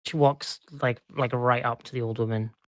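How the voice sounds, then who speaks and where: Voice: mid-range voice, fairly even intonation, normal speed, no room sound. Overtired player in a very dry room. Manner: chatty, laughs between lines. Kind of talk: playing a character in a tabletop game.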